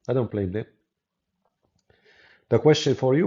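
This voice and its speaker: A man's voice: medium pitch, expressive, normal speed, gravelly, long pauses, mellow. A man with an Arabic accent, a native Arabic speaker, giving mocking, sarcastic live-stream commentary as a debater and channel host. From Arab world. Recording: dull lo-fi audio.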